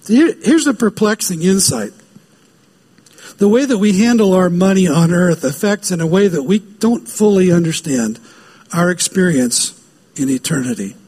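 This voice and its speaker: A man's voice: high voice, animated, normal speed, darkish tone, breathy edge. A man preaching a sermon as pastor, emphatic and given to repeating key phrases.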